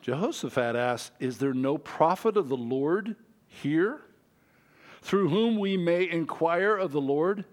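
Animated man preaching a sermon. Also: slow. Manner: lively, conversational preaching with wide swings in pitch and loudness. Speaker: pastor.

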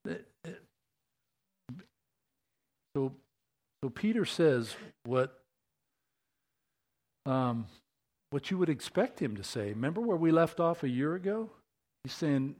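A man preaching a sermon, conversational and animated, often asking his listeners questions. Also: fairly high pitch, normal speed. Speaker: pastor.

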